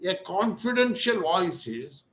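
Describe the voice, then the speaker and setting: An older man with an Indian English accent, an ENT surgeon giving a slow, deliberate talk that repeats its key words. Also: high-pitched, sing-song, a bit bright, reverberant, rough recording. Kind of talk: lecture-style explanation.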